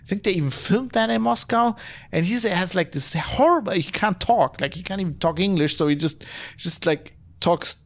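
A man's voice: high-pitched, normal speed. A man hosting a podcast who reads out chat comments and rants casually, with a rambling, profane manner and many restarts and fillers. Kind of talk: casual opinion rant.

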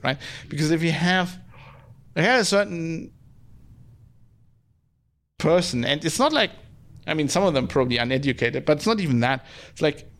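A man chatting casually on a podcast, rambling and swearing, with lots of filler words. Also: on the high side. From Germany. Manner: rambling, profane, heavy use of "like". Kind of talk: casual chat.

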